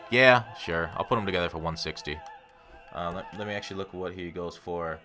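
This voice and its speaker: A man's voice: low-pitched, a little fast, sharp tone, faint music behind. A man giving rambling, casual commentary on his gameplay and talking straight to his viewers. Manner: rambling, self-deprecating, talks to viewers. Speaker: gaming YouTuber.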